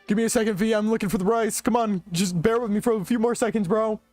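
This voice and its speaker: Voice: medium pitch, fairly even intonation, quick pace, a little mellow, no echo, faint music behind. A streamer chatting casually on a livestream, joking and pleading melodramatically.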